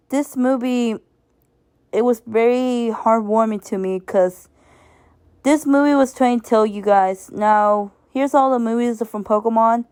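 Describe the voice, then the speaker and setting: Smooth and darkish yet on the high side, this woman's voice comes through a dry recording. She reviews something on video in a loose, rambling way, sentimental and laughing, often tripping over words and starting again.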